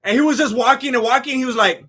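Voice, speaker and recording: Male live-stream fight host, high and bright, excitable and rambling. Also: quick pace. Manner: excitable, rambling, many restarts, bursts of shouting. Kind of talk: casual live commentary.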